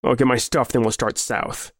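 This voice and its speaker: A man reading the part of a brutal, bearded man who sneers and threatens slowly. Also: mid-range voice, fairly even intonation, a bit bright, dry recording, studio quality, lightly acted. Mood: menacing. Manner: sneering, menacing, slow counting. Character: brutal bearded man, menacing, laughing at the world.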